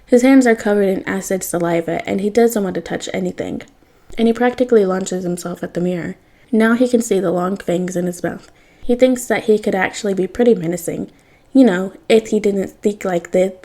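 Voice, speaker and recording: A woman reading fan fiction aloud in a wry, expressive way. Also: medium pitch, brisk. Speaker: podfic reader.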